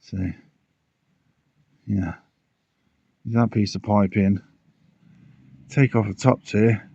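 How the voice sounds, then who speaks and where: Guy by his pond, low gravelly voice, puffing, talking to himself, kinda muffled lo-fi. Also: fairly even intonation, very slow, mellow, no echo. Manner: muttering, self-talking while working. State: out of breath. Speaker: pond keeper vlogger. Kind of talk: casual DIY vlog commentary. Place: outdoors by a garden pond.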